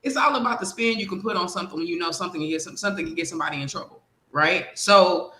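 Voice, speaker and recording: A woman co-hosting a casual podcast chat. She talks in an animated, profane way and acts out what other people might say. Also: lowish voice, racing. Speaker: podcast co-host. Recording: echoey room.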